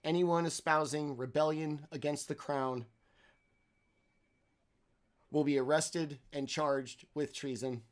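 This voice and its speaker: A man's voice: on the high side, steady tone, takes it slowly, long pauses. A man voicing a cheerful robotic gate greeter construct that speaks like a stiff recorded announcement. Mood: announcing. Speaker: game master.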